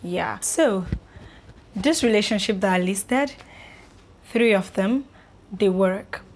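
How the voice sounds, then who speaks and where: A woman's voice: mid-range voice, takes it slowly, a little hiss or hum. A young woman, chatting casually to camera about relationships, loose and filler-heavy. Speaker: vlogger.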